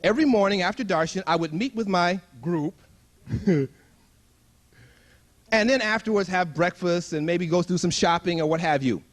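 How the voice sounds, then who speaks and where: A man's voice: high voice, normal speed, long pauses. A man telling a funny story to a live audience at a retreat, acting out the voices he quotes and chuckling often. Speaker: spiritual retreat speaker.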